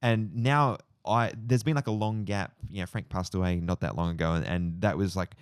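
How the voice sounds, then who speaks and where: A man's voice: low voice, normal speed, smooth, dry recording, clean studio sound. A man in his forties with an Australian accent, chatting on a podcast, telling a long story in a rambling, reflective way with lots of fillers. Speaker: podcast co-host. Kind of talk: casual chat.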